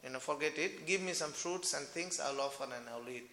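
An earnest, gentle wandering monk, as a storyteller puts him on, with a high, bright voice. It echoes through a big hall with a long tail of reverb. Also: male voice, brisk. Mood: pleading. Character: devout wandering male traveler-monk, gentle.

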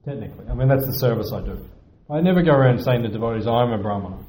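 A man teaching in a temple hall delivers a devotional lecture with animated, racing speech and a dark-toned, mid-range voice. Earnest and self-deprecating, he repeats points for emphasis; the hall echoes, with slight background noise.

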